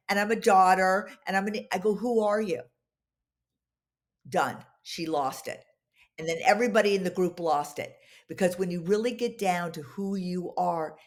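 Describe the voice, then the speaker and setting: Woman guest rambling through stories on a podcast, animated, acts out the quotes. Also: mid-range voice. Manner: animated, long-winded storyteller acting out quotes. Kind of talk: casual interview storytelling.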